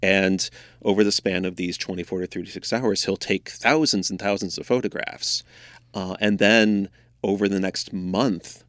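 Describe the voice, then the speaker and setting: A man's voice: sits low, fairly even intonation, moderate pace, a bit bright, no room sound. A man on a museum staff, explaining artwork in a radio interview in a studio, often hedging with "kind of".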